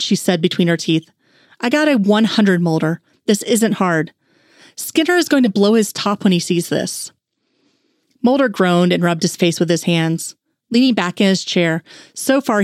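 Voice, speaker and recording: In a clean studio recording with no echo, a woman with a lowish voice reads a fan fiction story aloud like an audiobook, lightly shifting her tone for the dialogue.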